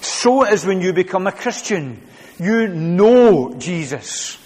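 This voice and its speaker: Pastor preaching, earnest, pitch sits a bit high, long church hall echo. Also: male voice, expressive, slow pace, breathy edge. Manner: earnest, repeats phrases, varies loudness. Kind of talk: sermon.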